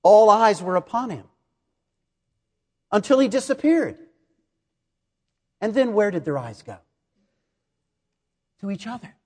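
A middle-aged man preaching a sermon, measured and explanatory, posing rhetorical questions to the congregation. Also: high voice, sing-song, slightly rough, in a large hall. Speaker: pastor.

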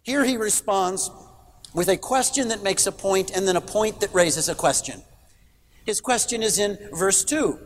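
A middle-aged man delivers a sermon, earnest and emphatic, leaning on rhetorical questions. His voice sits high for a man. The church hall gives a long reverb, with faint hiss underneath. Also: expressive, normal speed. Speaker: pastor.

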